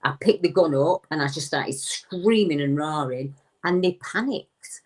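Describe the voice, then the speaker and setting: A woman with a deep, low-set voice tells a story as an interview guest. She relays a witness's account in a conversational way and slips into his quoted words to act them out. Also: measured pace, darkish tone. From United Kingdom. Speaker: guest recounting a witness's encounter.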